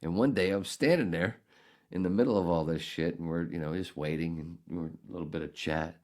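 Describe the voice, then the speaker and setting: Very deep-voiced profane man telling a story. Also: a little fast. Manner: profane, animated, rants with bursts of outrage. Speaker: podcast host. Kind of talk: casual storytelling monologue.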